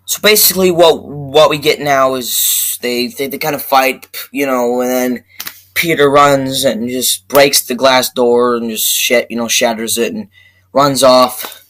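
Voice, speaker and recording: A man giving a rambling, profane movie review rant that keeps flaring up into loud outbursts. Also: mid-range voice, steady tone, measured pace, rough recording.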